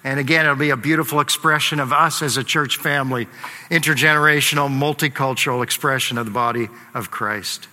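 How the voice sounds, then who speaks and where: A man's voice: medium pitch, brisk, bright, forceful tone. A man preaching a casual, conversational sermon to his congregation, with frequent fillers and asides. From Canada. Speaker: pastor. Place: church hall. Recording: long hall reverb.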